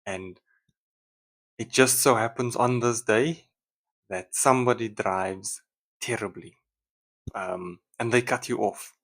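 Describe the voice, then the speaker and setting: A man speaks casually to his viewers in a somewhat low voice. He rambles, pauses on ums and restarts his sentences. He drops into a muttering, annoyed inner voice to act out his examples. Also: fairly bright tone. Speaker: vlogger. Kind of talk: casual talk to camera.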